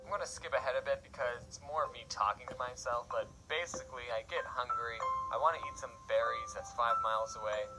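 A man with a mid-range voice reads aloud a story he wrote as a child, joking between lines and giving the quotes a wry, mock-dramatic delivery. He talks a little fast with hardly any pauses. The audio is poor, with loud background music.

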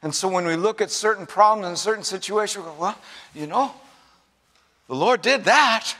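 A man's voice: high-pitched, moderate pace, bright, forceful tone, in a large hall. A middle-aged man preaching a sermon, using repetition, humorous asides and rising fervor. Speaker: pastor. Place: large church sanctuary.

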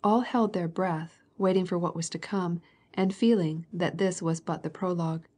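A woman narrating a classic novel as an audiobook, in an even, measured storytelling manner. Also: lowish voice, husky.

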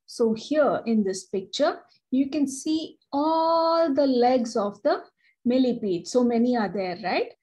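A woman with an Indian English accent reading a story aloud to children and explaining the pictures gently. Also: high-pitched, lively intonation, takes it slowly, low-quality recording.

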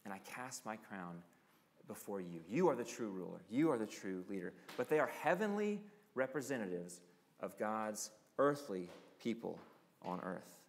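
A man preaching a sermon as pastor, earnest and questioning, who often drops to a hushed voice. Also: on the low side, big pitch swings, moderate pace. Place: church sanctuary. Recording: long reverb of a church sanctuary.

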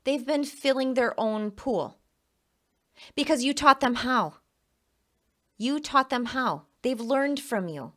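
A woman's voice: sits high, animated, slow, long pauses, fairly bright tone. A woman giving a casual tarot reading to the camera, emphatic and repeating herself, with a frequent "okay?". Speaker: tarot reader.

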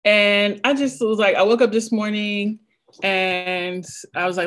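A woman's voice: fairly low pitch, steady tone, fairly bright tone. Chatty young woman with a Southern accent. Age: young adult. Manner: quick and chatty, with many restarts and fillers. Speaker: visiting poet. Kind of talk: casual craft talk to an online audience. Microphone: video call.

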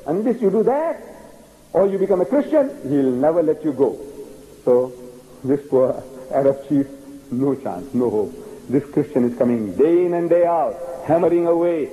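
Animated male storyteller in an echoey hall. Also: a little high, normal speed. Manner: animated storyteller, acts out dialogue. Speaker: lecturer on comparative religion. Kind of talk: public lecture with storytelling.

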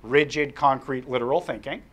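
A man presenting a workshop, telling an anecdote to an audience in an animated way with frequent fillers and restarts. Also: mid-range voice, normal speed. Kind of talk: storytelling lecture to an audience.

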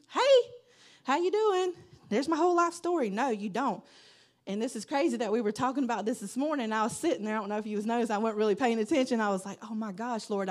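A woman's voice: medium pitch, darkish tone. A woman giving an informal, earnest church testimony, rambling and quoting her own prayers while holding back tears.

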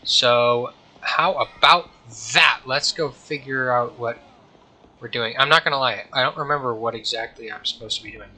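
A man's voice: mid-range voice, moderate pace, sharp tone, poor audio. A young man casually commenting while playing a game, rambling and joking, often mumbling and trailing off. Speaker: gameplay streamer.

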